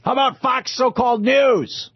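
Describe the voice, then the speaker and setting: Mocking impression: man doing a boastful Australian mogul with a shrill, husky voice. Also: normal speed, no echo, highs cut off. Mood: scheming. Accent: Australian, put on badly. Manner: loud and mocking. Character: brash, boastful rich male media mogul.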